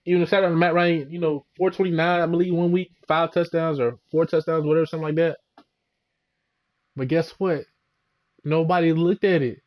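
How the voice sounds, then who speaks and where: A man's voice: sits high, fairly quick, darkish tone. Heated young man ranting about football. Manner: heated, slangy, repeats "bro" and "man". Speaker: sports vlogger. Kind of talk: casual fan rant.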